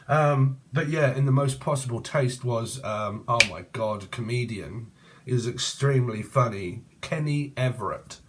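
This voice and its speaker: An English-accented man reads tarot off the cuff, his voice at an ordinary middle pitch. He free-associates loosely and throws in crude jokes as he goes. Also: measured pace, a little hiss or hum. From Cambridgeshire, England. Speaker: tarot reader. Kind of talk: casual channeled tarot reading.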